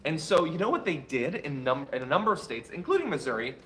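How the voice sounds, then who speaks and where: A man's voice: on the high side, very animated, quick pace, fairly bright tone, slight background noise. A man hosting a political commentary show, reading viewer chats with wry asides, and saying he is tired.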